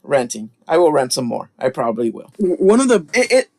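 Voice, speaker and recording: A man's voice: medium pitch, a little fast. A man guest-hosting a podcast, casually retelling a story with lots of swearing and ranting. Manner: animated storyteller, swears and rants.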